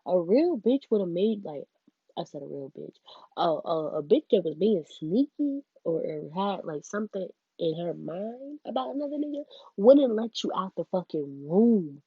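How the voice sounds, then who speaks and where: A young woman tells a casual storytime vlog, animated and quoting people in changing voices. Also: lowish voice, measured pace, breathy edge, no echo, phone-quality sound.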